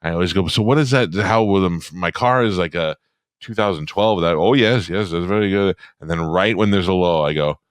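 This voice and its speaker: A man's voice: sits low, a little fast, smooth, dry recording, clean studio sound. A man hosting a casual chat, telling a profane story and acting out both sides of a phone call.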